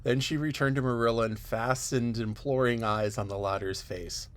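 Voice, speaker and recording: A man with a medium-pitched voice reads a classic novel for an audiobook. His storytelling is measured and even.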